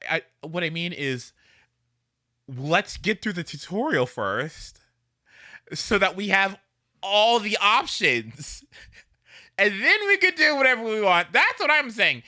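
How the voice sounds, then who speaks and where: A man chatting casually while streaming a game, rambling and animated, with swearing and sudden whoops. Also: sits high. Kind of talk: casual gameplay chat.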